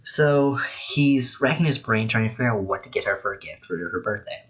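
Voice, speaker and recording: A man's voice: lowish voice, lively intonation, a little fast, a bit bright. A man casually reviewing anime episodes, rambling with lots of "like" and "you know".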